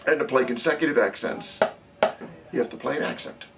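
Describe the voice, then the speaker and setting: This snare drum lesson comes from a man whose medium-pitched voice is fairly quick and carries vocal fry. As a drumline instructor, he demonstrates methodically, counting the beats out loud, and the distant camera audio has faint noise.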